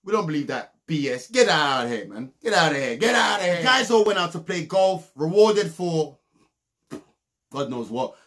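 Animated man ranting a TV recap. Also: normal speed. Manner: mocking, animated, bursts into loud high laughs. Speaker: reality TV recap commentator. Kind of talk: comedic TV recap rant.

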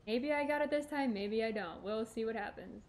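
A woman's voice: on the high side, normal speed, a little mellow. A young woman streaming a video game, talking to herself with chatty, dramatic exclamations. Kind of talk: let's play commentary.

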